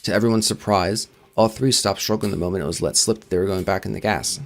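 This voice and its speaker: Brief: male host narrating a horror story, quick, low-pitched delivery. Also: steady tone, gravelly. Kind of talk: dramatic creepypasta reading.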